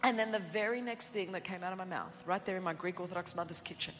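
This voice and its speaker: An Australian woman preacher telling a personal story in a sermon, animated and self-mocking, acting out what people said. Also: lowish voice, fast talker, few pauses, in a large hall, faint music behind.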